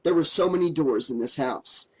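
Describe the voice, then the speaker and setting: A man's voice: fairly high pitch, normal speed, breathy edge, rough recording. Man reading a horror novel aloud. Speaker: audiobook narrator.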